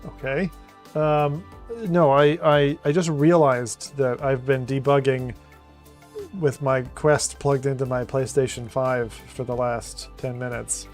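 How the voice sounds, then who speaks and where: A man's voice: mid-range voice, flat delivery, slow pace, darkish tone. Casual male streamer, jokey and a bit sweary, music faint behind. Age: adult parent. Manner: joking, swears when frustrated. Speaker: co-host of a live VR stream. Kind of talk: casual chat.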